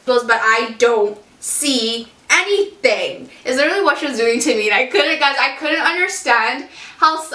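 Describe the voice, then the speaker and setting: A young woman with a high, bright voice tells her story straight to the camera, frank and chatty, swearing casually and laughing along. She sounds roomy and set back from the mic. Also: recorded from a distance. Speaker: vlogger. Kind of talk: candid storytelling vlog.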